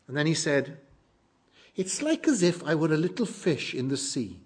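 A middle-aged male preacher with a slightly raised pitch and a husky edge to his voice. He preaches earnestly, rising to loud exclamations, then dropping to hushed, quiet lines. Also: big pitch swings, moderate pace. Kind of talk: sermon.

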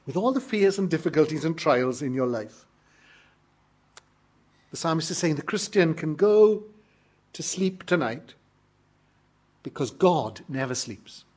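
British guy preaching, husky voice a bit on the high side, earnest, hits some lines hard. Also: expressive, measured pace, long pauses. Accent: British English. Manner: earnest, emphatic preaching with sudden loud peaks. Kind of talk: sermon.

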